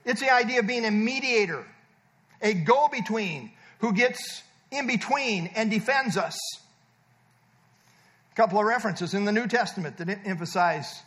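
A man's voice: sits high, lively intonation, normal speed, fairly bright tone. A man preaching a sermon, emphatic and teaching, stressing points by repeating words. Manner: teaching, explains verb tenses and verses. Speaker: pastor.

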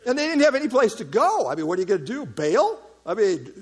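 A man's voice: high voice, fast talker, slightly rough. A man preaching an expository sermon, explaining verse by verse and joking with his listeners. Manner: animated, jokes with the listeners. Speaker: pastor.

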